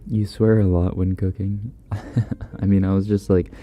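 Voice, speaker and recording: A man hosting a livestream in a soft-spoken, laid-back way, reading chat messages and chuckling often. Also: low voice, little pitch movement, a little slow, muffled recording, faint music behind. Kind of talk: casual live chat.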